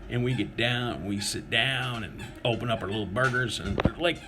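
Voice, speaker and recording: A man's voice: mid-range voice, normal speed, bright, forceful tone, soft background music. A man telling a profane, sarcastic story to camera, swearing constantly and acting out other people's lines in a raised voice. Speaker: vlogger. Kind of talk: profane comic storytelling rant.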